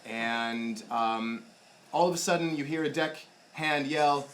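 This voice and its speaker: A man's voice: mid-range voice, takes it slowly, fairly bright tone. A man narrating a tabletop game as game master, hesitant and full of fillers.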